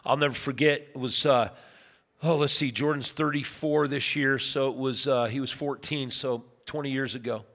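Brief: animated man in his fifties telling stories from the pulpit, bright voice, long hall reverb. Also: mid-range voice, moderate pace. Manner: animated storyteller, acts out voices. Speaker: pastor. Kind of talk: sermon with storytelling.

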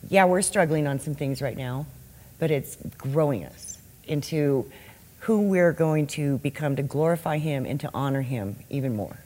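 Woman, very low voice, sincere devout testimony, church reverb. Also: normal speed, a little mellow. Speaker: testimony guest. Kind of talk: casual faith testimony.

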